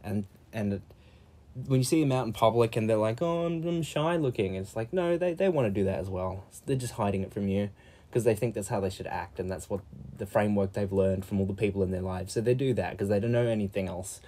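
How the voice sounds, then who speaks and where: A man's voice: lowish voice, fast talker, warm tone. A young man streaming live, rambling in a profane, loose monologue and acting out the people he quotes in raised voices.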